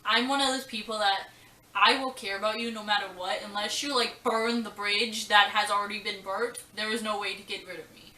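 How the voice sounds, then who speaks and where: A woman's voice: medium pitch, steady tone, fairly quick, bright, forceful tone. A young woman telling a personal story in a casual vlog, rambling and emotional with lots of fillers. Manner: rambling, emotional, full of fillers and quoted dialogue. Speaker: vlogger. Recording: roomy, distant from the mic.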